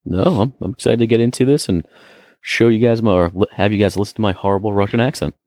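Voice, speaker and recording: A man co-hosting a podcast, dropping quick, wry remarks into the chat. His voice sits low and moves around a lot, and his lines come fast. The recording is dry and close. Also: steady tone, a little mellow, no echo. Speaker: podcast co-host. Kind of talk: casual chat.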